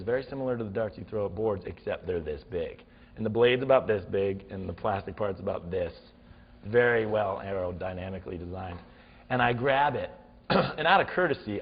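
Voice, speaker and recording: A man with a medium-pitched voice, recorded with the highs cut off, tells a funny story as a guest on a talk show. He's animated and acts out the scenes as he goes.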